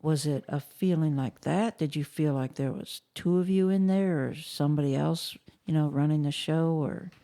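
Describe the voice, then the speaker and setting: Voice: medium pitch, normal speed, hardly any pauses, mellow. A podcast co-host in casual chat, speaking thoughtfully and asking the guests questions.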